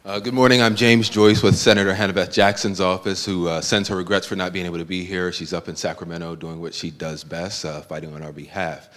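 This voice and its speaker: Very deep-voiced man with formal remarks. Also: flat delivery, a little fast, few pauses, fairly bright tone. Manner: formal, many filler uhs. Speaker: legislative staff representative. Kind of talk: formal presentation of an award. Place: public board meeting hall. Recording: long reverb of a meeting hall.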